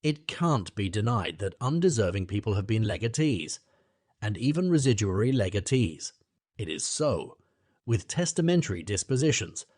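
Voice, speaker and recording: A man's voice: fairly low pitch, big pitch swings, normal speed, a little mellow, no echo, studio quality. A man reading the part of a pompous, sonorous auctioneer who loves long words, in an audiobook. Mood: pontificating. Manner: grandiloquent, fond of long words. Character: pompous sonorous middle-aged male auctioneer.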